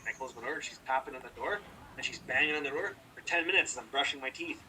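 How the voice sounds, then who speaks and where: A man's voice: medium pitch, very fast, bright, forceful tone, distant mic, a little hiss or hum, low-quality recording. A young man co-hosting a podcast, telling a rambling story in casual chat, profane and heated. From British Columbia, Canada. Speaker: podcast co-host.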